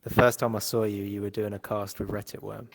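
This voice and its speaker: Guy hosting a podcast interview, relaxed rambly questions, low voice, reverby. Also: fairly quick, creaky. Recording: long echoey reverb.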